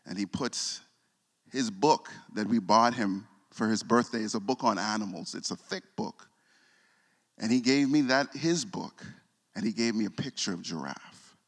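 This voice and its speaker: A man, preaching a sermon and telling a personal story, often repeating himself and dropping soft when moved. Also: on the low side, normal speed. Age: 40s. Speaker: pastor. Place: church sanctuary. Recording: long hall reverb.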